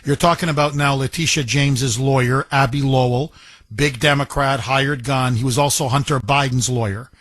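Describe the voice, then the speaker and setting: A man's voice: medium pitch, steady tone, moderate pace, a bit bright, no echo. A man hosting a call-in talk radio show, emphatic and combative, joking with his callers. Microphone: studio microphone.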